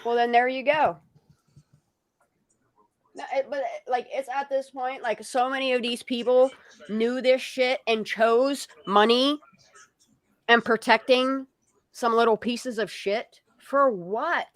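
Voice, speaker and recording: A woman's voice: fairly high pitch, fairly even intonation, takes it slowly, pauses often, no echo. A woman hosts a casual livestream with a dry, close sound. She speaks in a blunt, heated way and swears freely. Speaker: livestream host.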